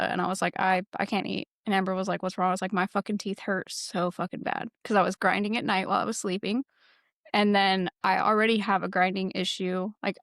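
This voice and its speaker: Young woman co-host, casual candid chat, some vocal fry, dry close sound. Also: medium pitch, fairly bright tone, no echo. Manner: candid, rambling, heavy on fillers. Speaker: podcast co-host.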